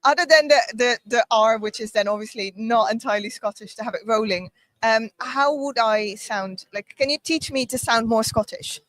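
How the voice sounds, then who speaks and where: A woman's voice: on the high side, moderate pace, fairly bright tone, no room sound, rough recording. Woman interviewer, dry sound. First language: Dutch. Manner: curious, playful questioning. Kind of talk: casual livestream interview.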